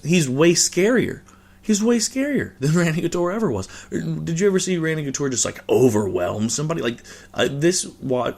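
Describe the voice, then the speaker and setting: Gravelly man ranting, rambling and profane. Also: mid-range voice. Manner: rambling, profane, many fillers and restarts. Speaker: host. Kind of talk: casual reaction rant about a fight.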